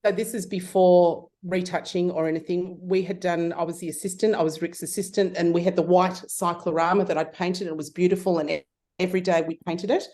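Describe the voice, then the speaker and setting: A middle-aged woman telling stories in a casual interview, acting out the voices of people in her stories. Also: brisk. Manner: animated storyteller, acts out voices with big pitch jumps. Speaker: guest.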